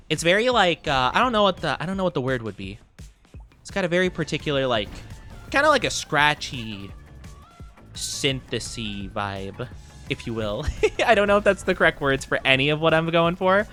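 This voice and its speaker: A male VTuber streamer giving casual live gameplay commentary, bubbly and excitable, giggly and rambling with lots of fillers. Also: on the high side.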